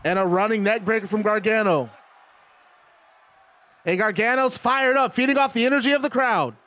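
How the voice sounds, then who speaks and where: A man commentating a wrestling video game on his live stream, talking in a high voice. His play-by-play is casual and chatty, like he is talking with his viewers. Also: normal speed, a bit bright.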